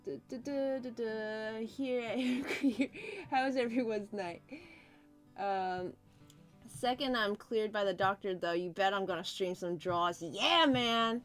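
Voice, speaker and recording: A woman's voice: a little high, fairly bright tone. A woman streaming a drawing session, chatting casually and giggling as she reads viewer comments aloud. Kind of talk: casual livestream chat.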